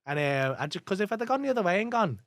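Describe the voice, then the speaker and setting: A man rattles through comic anecdotes at a fast clip, swearing freely and slipping into the voices of the people in his stories. His voice sits a little high for a man and sounds dry and close to the mic. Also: sing-song, no echo. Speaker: comedian guest. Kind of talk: casual storytelling chat.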